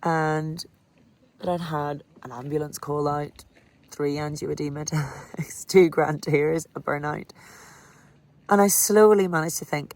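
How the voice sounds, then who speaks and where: A woman's voice: deep voice, fairly even intonation, unhurried, darkish tone. An Irish woman vlogging candidly and emotionally about a hard cycling challenge. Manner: emotional, candid, breaks into laughter. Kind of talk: candid personal vlog.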